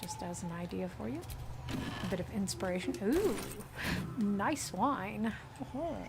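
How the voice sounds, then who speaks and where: A woman's voice: medium pitch, lively intonation, a little slow, very noisy. An American woman streaming a video game, chatting casually and playfully, and laughing often. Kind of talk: casual gameplay commentary.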